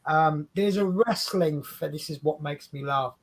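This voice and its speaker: Slow-talking, chatty English man. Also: on the high side. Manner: rambling, chatty, self-interrupting. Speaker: co-host. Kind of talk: casual livestream chat.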